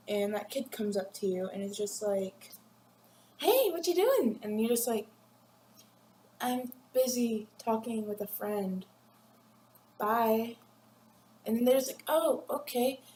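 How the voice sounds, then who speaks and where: Teen girl vlogger, slow rambling chat, high-ish voice, room echo and faint background hum. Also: dark tone. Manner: rambling, giggly, acts out classmates in quick voices. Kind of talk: casual chat to camera. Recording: echoey room with faint ambience.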